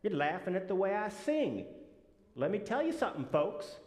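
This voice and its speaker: A man's voice: high voice, sing-song, normal speed, darkish tone, pitched above the performer's own voice. A man putting on a defiant church pianist lady. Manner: indignant, scolding the congregation. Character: defiant woman church pianist, loud and proud. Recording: echoey church hall reverb.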